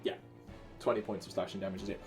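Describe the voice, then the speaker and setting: Lower-voiced Welsh man running a tabletop game. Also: flat delivery, quick pace, over music. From Wales. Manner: counts dice aloud, hums filler sounds. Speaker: dungeon master.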